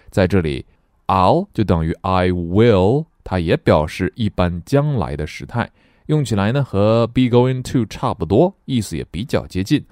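Lively low-voiced man teaching a reading class. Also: no room sound, clean studio sound. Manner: lively, playful teaching with sudden high exclamations. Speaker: English teacher. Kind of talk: bilingual reading lesson.

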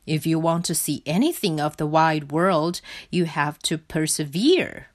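A woman voicing a firm, adventurous male rat who speaks in a brisk, stern way. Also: low-pitched.

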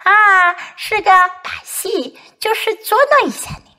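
A woman voicing a small, mischievous boy in a storybook read-aloud, who grumbles and yells. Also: takes it slowly, heavily acted. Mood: gleeful. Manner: grumbling, then shrill excited yelling. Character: small boy, restless and mischievous, won't sleep.

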